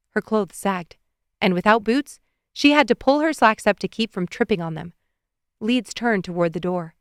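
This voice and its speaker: A woman narrating an audiobook in an even, expressive reading on a close studio mic. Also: mid-range voice, clean tone, dry recording.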